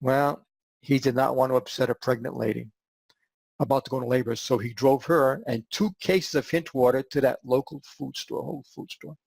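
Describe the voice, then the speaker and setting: A man hosting a podcast and telling a story in an animated way, acting out the quotes. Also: medium pitch, moderate pace, creaky, slightly rough, no echo. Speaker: podcast host.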